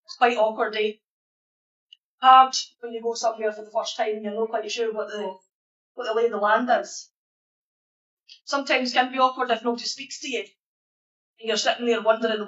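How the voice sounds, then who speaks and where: Scottish woman minister, higher voice, relaxed chatty sermon, echoey hall with a dull sound. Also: normal speed. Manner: chatty, asks the congregation questions. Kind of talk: informal sermon to a congregation. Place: church hall.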